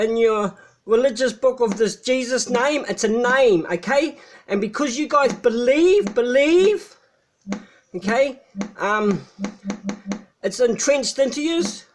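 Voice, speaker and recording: A man's voice: extremely high pitch, unhurried, a little hiss or hum. A man talking in a rambling, hesitant way, full of fillers and restarts. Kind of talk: casual monologue.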